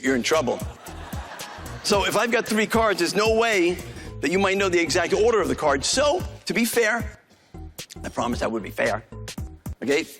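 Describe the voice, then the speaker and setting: A man from New York with a New York accent, a joking, fast-talking street magician doing stage patter in a TV theater. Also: on the high side, fairly bright tone. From New York City. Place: TV theater stage before a live audience. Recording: stage audio with crowd and music. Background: audience laughter and show music.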